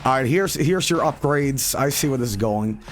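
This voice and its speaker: A man's voice: medium pitch, lively intonation, moderate pace, soft background music. A man streaming a video game, rambling and profane about a dream and the game. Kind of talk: casual game stream commentary.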